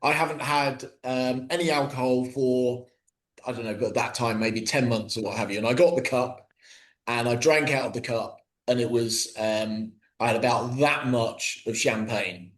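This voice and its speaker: A middle-aged man, a podcast guest, speaking casually with many pauses, fillers and restarts. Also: medium pitch, steady tone. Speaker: guest, cricket coach.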